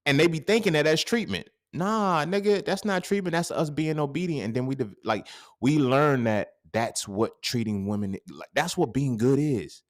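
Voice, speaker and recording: A man in his thirties hosting a podcast, talking in a casual, profane monologue that swings into sudden loud outbursts. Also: a little high, normal speed. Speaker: podcast host.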